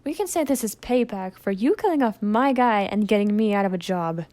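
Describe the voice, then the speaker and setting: A woman plays a bitter female imp in a fan audio drama. She speaks with scorn and resentment in a mellow tone. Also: medium pitch, expressive, fairly quick, no echo, close to an everyday voice.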